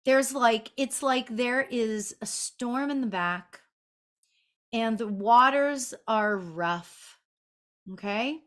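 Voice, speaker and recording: Middle-aged woman medium, slightly high voice, loose and chatty, sing-songy, laughs a lot. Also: slow pace, fairly bright tone. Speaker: spiritual medium. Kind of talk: live online reading, casual chat.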